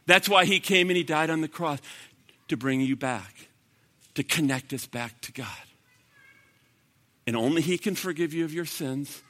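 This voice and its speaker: A man preaching an evangelistic sermon to a live audience, swinging from loud bursts to hushed, earnest talk. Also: a little high, moderate pace, pauses often. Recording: long reverb of a large hall.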